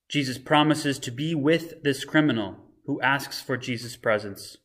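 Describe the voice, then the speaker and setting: A man, a pastor, reading scripture and giving a short devotional sermon in a measured, earnest way. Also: mid-range voice, fairly even intonation, fairly bright tone. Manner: measured, earnest reflection with dramatic readings of quoted lines.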